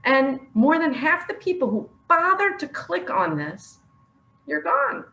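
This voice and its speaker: An older woman talks from the heart in a personal video, emotional and earnest, often breaking into laughter. Her pitch swings widely while her pace stays slow and drawn out. The room around her is echoey. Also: very animated, sharp tone. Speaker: online religious speaker.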